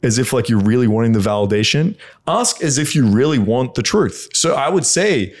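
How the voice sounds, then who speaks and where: A man's voice: mid-range voice, animated, brisk, hardly any pauses. A man co-hosting a casual podcast, giving frank advice in a blunt, instructive way and swearing often.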